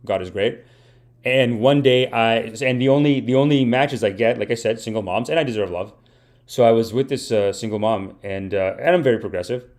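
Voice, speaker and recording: A man's voice: medium pitch, brisk, darkish tone. Rambling mock-earnest comedian man. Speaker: podcast host. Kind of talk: comedic livestream monologue. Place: home streaming setup.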